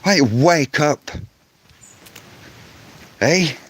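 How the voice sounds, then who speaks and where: Slow, angry ranting man. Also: a little high, expressive. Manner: angry, insistent, repeats words while ranting. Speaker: vlogger. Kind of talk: ranting vlog monologue.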